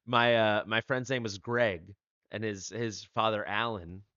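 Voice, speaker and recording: A man's voice: fairly low pitch, fairly even intonation, unhurried, pushed and bright, dry recording. A man hosting a live stream, chatting and telling rambling stories full of restarts. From United States. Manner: rambling storyteller, restarts often. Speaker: streamer host. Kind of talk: casual chat. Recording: dry, dull lo-fi.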